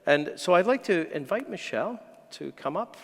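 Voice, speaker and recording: A man preaches a homily from the pulpit in an earnest way, lifting his voice for emphasis. His voice sits a little high for a man. A long church reverb trails every phrase. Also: animated, moderate pace. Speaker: parish priest. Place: large church.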